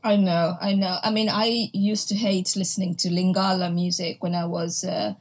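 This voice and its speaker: A Kenyan woman hosting a podcast interview, chatting warmly and reading slow scripted segment links. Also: lowish voice, little pitch movement, breathy edge. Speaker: podcast host.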